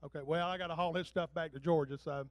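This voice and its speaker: High, clear-voiced event emcee man. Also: fairly even intonation, quick pace, no room sound. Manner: plain, conversational announcing. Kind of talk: announcing names at an awards ceremony.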